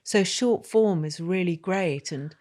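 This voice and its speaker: A woman's voice: on the low side, slow, a little mellow. A woman hosting an interview, asking thoughtful questions that ramble a little. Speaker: podcast host. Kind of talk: interview conversation.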